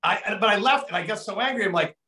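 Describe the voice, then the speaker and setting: High bright excitable male storyteller. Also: fast talker, creaky, echoey room. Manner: excitable, profane, laughing storyteller. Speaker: radio host. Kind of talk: casual storytelling chat.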